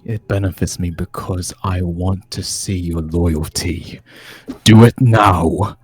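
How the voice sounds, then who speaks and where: A man voicing a cruel, domineering vampire lord in a tabletop game, speaking slowly and threateningly. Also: low-pitched, husky, dry recording, exaggerated voice. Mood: menacing. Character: cold commanding vampire lord, cruel and menacing.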